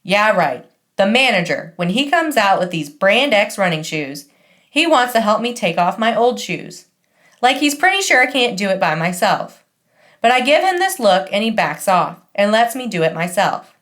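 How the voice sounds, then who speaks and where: A woman narrates an audiobook in the first person, wry and conversational. Her voice is mid-pitched for a woman, with a lively, animated rise and fall. It stays easy and talky throughout. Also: moderate pace.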